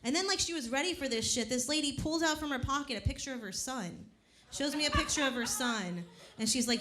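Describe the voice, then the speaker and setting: A woman's voice: high-pitched, animated, brisk. Brash, profane woman doing stand-up. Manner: brash and profane, punchy storytelling. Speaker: stand-up comedian. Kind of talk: stand-up comedy set. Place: comedy club stage before a laughing crowd. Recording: live club recording with faint crowd noise.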